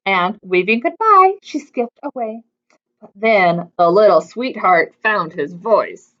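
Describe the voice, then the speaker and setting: Woman children's librarian, storytime reader: slow, animated, high voice on a muffled lo-fi recording. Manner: animated and expressive. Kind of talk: reading a picture book aloud to preschoolers. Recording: dull lo-fi recording.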